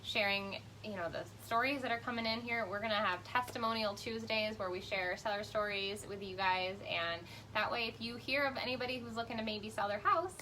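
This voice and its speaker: A woman in her thirties co-hosting a live Q&A, upbeat and quick to chime in. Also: medium pitch, pushed and bright, poor audio. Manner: upbeat, chiming in with quick agreement. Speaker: co-host. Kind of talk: casual live Q&A chat. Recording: faint background noise.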